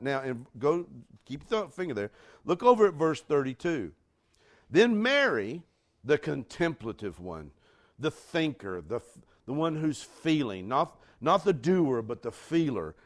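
A man preaching a sermon in a folksy, animated way, with sudden loud bursts. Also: mid-range voice, a little slow. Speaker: pastor.

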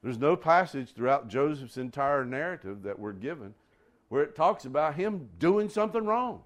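A man preaching a sermon, telling stories and stretching key phrases with big rises in pitch. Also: very animated, moderate pace. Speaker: pastor.

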